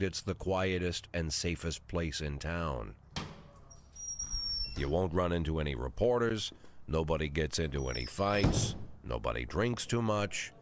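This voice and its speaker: Casting: a sixty-year-old police chief narrating a game, dry and cynical, with a very low, rumbling voice. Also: male voice, full character voice. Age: 60s. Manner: dry, world-weary, crude.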